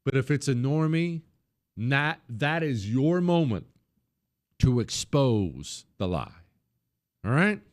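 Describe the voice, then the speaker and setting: A male talk radio host with a middle-pitched voice, recorded close and dry on a studio mic. He talks emphatically, with plenty of sarcasm and mockery. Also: very animated, slow pace, pauses often, no echo. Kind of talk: opinionated talk radio monologue.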